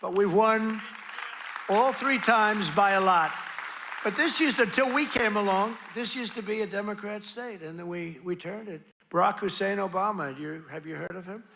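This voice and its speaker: An older man gives a boastful, repetitive rally speech that keeps drifting into asides. His voice sits high with a gravelly, bright edge. A faint crowd murmurs behind him at the rally. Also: moderate pace. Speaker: political speaker at a rally. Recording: rally sound with crowd noise.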